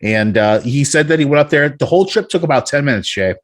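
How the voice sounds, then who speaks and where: A man's voice: a little high, lively intonation, quick pace. A man hosting a casual podcast chat, rambling with many fillers and restarts, laughing often. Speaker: podcast host.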